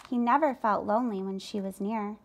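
A woman reading a children's book aloud for a school, calm and even. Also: mid-range voice, brisk, a little hiss or hum. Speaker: story reader for a school. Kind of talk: read-aloud storytelling.

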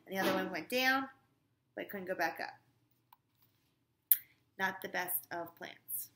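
A woman's voice: mid-range voice, unhurried, bright, forceful tone. A woman teacher reading a storybook aloud to her students, with casual, chatty asides. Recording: echoey room.

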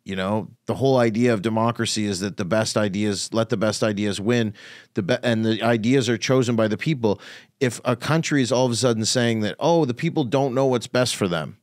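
Man, comedian podcast host, casual profane rant, deeper voice. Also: steady tone, fairly quick, no echo, clean studio sound. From Canada. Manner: blunt, profane, opinionated ranting.

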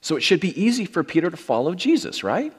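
A man's voice: a little high, big pitch swings, quick pace, husky. A middle-aged American man preaching a sermon, storytelling and acting out the voices he quotes. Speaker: pastor. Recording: long hall reverb.

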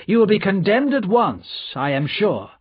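A man voicing a calm, resolute, smooth-spoken gentleman in a storybook reading. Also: sits high, dry recording, dull audio, pitched above the performer's own voice, full character voice. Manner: calm, measured, slow.

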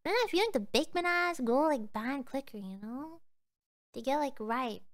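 A woman's voice: high-pitched, animated, moderate pace. A sleepy young woman streamer rambling drowsily as she chats to her viewers, often trailing off. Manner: chatting to viewers. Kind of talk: casual livestream chat.

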